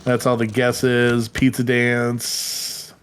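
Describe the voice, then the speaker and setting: A man's voice: medium pitch, monotone, very slow, clean tone. A man co-hosting a live podcast stream, chatting casually and rambling through stories between laughs. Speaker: podcast co-host.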